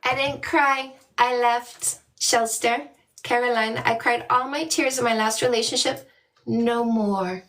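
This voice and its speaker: Chatty high-voiced woman dating coach. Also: fairly even intonation, a little slow, fairly bright tone, recorded from a distance. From Canada. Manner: greets viewers by name, playful and chatty. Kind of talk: livestream chat with viewers.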